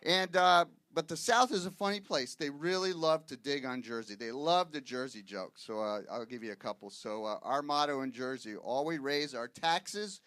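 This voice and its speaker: Wisecracking comic man, bright voice. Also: medium pitch, moderate pace, hardly any pauses, clear, resonant tone, dry recording. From Boston. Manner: wisecracking, punchy delivery with frequent "okay, guys?" asides. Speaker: stand-up comic guest. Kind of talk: stand-up comedy set. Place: live comedy show with audience.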